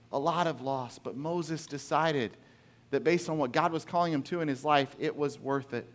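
A middle-aged male pastor delivering a sermon with a fairly high voice. He is animated, jumping from hushed lines to loud, punchy ones as he acts out the people in his stories. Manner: animated, acting out quotes with big swings in volume.

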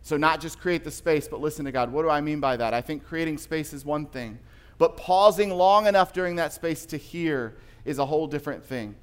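A man's voice: a little high, fairly quick, clear, resonant tone. A man preaching a sermon, telling stories in a conversational way that rises to emphatic passages. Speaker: pastor.

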